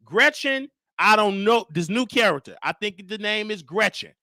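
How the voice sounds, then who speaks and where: High-pitched man telling a story. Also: normal speed, no echo, studio quality. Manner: animated, acts out quoted exchanges. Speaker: host. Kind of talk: casual commentary storytelling.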